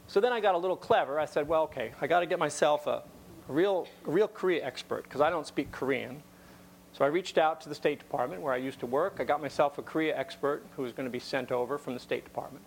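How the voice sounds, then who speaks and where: A man's voice: fairly high pitch, fast, slight background noise. A man giving a talk to an audience, telling a story conversationally with wry asides and frequent repeated words.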